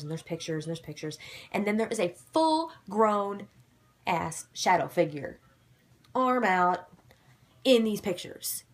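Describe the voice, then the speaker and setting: Excitable husky-voiced woman vlogger. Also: medium pitch. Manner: animated and excitable, with sudden dramatic whispers. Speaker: vlogger recapping a ghost-hunting show. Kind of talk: casual episode recap.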